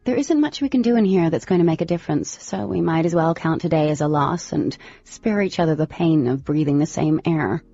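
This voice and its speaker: A woman voicing a defiant teenage girl who snaps back in loud, indignant retorts. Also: deep voice, brisk, creaky, few pauses. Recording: slightly lo-fi with faint music.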